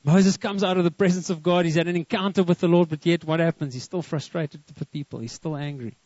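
A man's voice: a little high, quick pace, no room sound, dull audio. A man preaching a sermon to a congregation, often stopping to ask them questions. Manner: lively, asks the congregation questions. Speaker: pastor.

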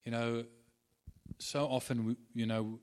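A man preaching a sermon at an ordinary middle pitch. He hammers his points through repetition and often restarts his sentences, with plenty of fillers in between. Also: little pitch movement, a little slow, darkish tone. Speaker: pastor.

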